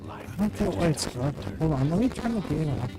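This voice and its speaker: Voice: mid-range voice, big pitch swings, a little fast, rough recording. A streamer chatting casually while gaming, rambling and joking and reading chat aloud. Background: game music.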